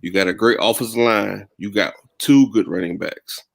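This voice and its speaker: A man's voice: on the low side, moderate pace, creaky. A man joining a casual sports podcast, teasing the others bluntly and talking trash. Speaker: podcast guest, Dolphins fan.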